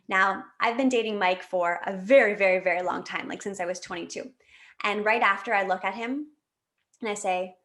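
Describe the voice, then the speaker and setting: A woman's voice: mid-range voice, moderate pace. A woman in her late thirties from Canada, telling a personal story in a casual interview with many fillers and restarts. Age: 30s. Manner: animated, emotional, lots of fillers and restarts. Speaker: podcast guest.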